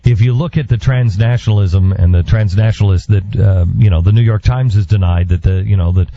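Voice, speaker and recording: Man, radio host, halting speech, mellow tone, lo-fi sound. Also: on the low side, vocal fry. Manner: halting, full of fillers and restarts. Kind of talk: radio interview. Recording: dull lo-fi radio broadcast.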